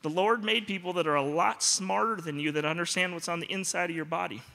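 A man's voice: high voice, quick pace, creaky, sharp tone. A man, a pastor, giving a sermon, telling self-deprecating stories with humor and acting out dialogue. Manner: self-deprecating, comic storytelling with acted-out dialogue. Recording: long reverb of a large hall.

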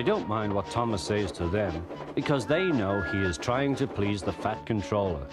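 Brief: expressive male narrator for a kids' story, animated pitch, over loud music. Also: moderate pace, few pauses.

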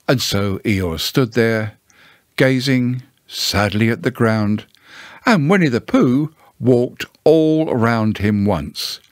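A man narrating a children's storybook in a gentle, unhurried manner. His pace is slow and his pitch moves with lively ups and downs. The recording is dry and close, with no room sound. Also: dry recording. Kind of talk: storybook reading aloud.

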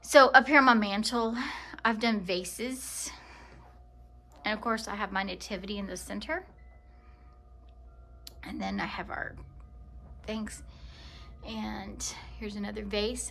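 A woman giving a casual tour of her home in a vlog, talking gently with many ums and pauses. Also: mid-range voice, creaky, slight background noise. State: emotional. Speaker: vlogger. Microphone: handheld camera walked around.

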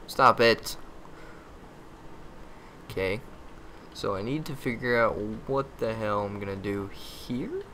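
A man's voice: lowish voice, animated, slow pace, long pauses, sharp tone, slight background noise. A man giving casual gameplay commentary, muttering to himself, yelping and cursing when frustrated, with crude jokes. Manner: muttering, easily frustrated, yelps and curses at the game; crude joking.

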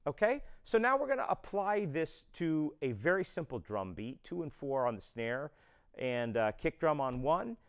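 Smooth-voiced male drum teacher. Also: on the high side, big pitch swings, normal speed. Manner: explains step by step, counts beats aloud. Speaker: drum instructor. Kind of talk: instructional drum lesson.

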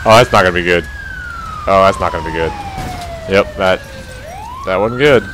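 A young man giving let's play commentary, tired but excitable, swearing often over loud game audio. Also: low-pitched, normal speed. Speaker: gamer. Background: loud game sirens and traffic.

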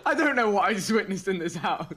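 A man's voice: sits high, animated, fast talker, bright, forceful tone, husky. A young man chatting easily with his gaming friends, often laughing. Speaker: squad teammate. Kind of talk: casual gaming chat.

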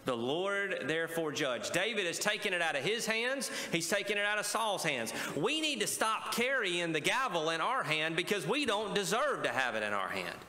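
Pastor, male, higher pitch, preaching to a congregation with faint room noise. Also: sing-song, moderate pace, few pauses, pushed and bright. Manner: preaching with call-and-response asides. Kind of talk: sermon. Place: church sanctuary. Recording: echoey church hall with faint ambience.

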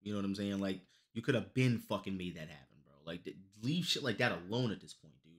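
A young man streaming live, chatting casually with viewers in a loose, profane, joking way that breaks into loud, high outbursts. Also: fast talker.

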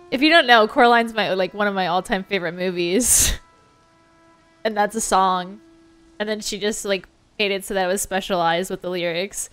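A woman's voice: mid-range voice, normal speed, smooth, no room sound. A young adult woman livestreaming as she games, giggly and gushing, swearing casually in everyday chat.

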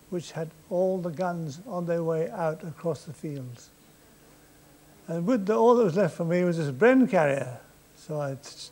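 An older man telling war stories on stage in a dry, deadpan manner. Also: high voice. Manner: dry, deadpan anecdotal delivery. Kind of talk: live stage storytelling. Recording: faint noise, 1990s VHS tape.

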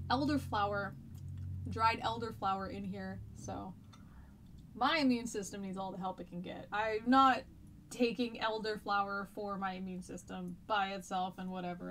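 A woman's voice: medium pitch, a bit bright, slight background noise. A woman, a history teacher chatting casually during a live-streamed lesson, rambling with many fillers and restarts.

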